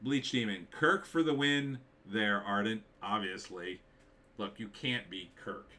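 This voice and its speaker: A man's voice: fairly low pitch, measured pace, pushed and bright. A man hosting a live stream, reading viewer comments aloud and answering them with blunt, dismissive opinions and many fillers.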